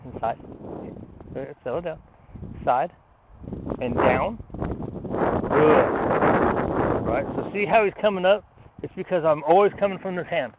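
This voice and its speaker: A man training his dog outdoors, talking himself through it in a relaxed way between short commands to the dog. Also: a little high, unhurried, pauses often. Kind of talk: casual training explanation. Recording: tinny phone-like, noisy outdoors.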